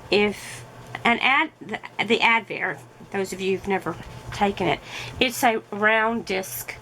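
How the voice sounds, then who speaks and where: A woman's voice: medium pitch, a bit bright, a little hiss or hum, rough recording. A middle-aged woman vlogging casually while crafting, telling a story in a chatty way with fillers as her voice recovers.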